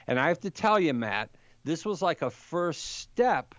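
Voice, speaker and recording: A man in his fifties, a podcast guest, telling a story in an animated way and chuckling as he goes. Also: a little high, measured pace, dry recording. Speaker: guest apologist. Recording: dull, dry sound.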